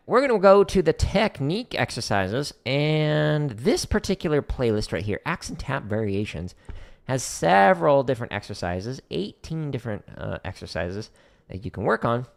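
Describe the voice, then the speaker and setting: A man leading a casual drum practice live stream, chatty and relaxed, explaining exercises and counting out patterns. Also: mid-range voice, normal speed, vocal fry.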